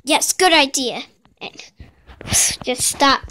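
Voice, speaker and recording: A woman's voice: high-pitched, extremely slow, sharp tone. A woman improvising a playful, bickering skit, voicing a group of plush toys herself. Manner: playful, bickering, childlike banter.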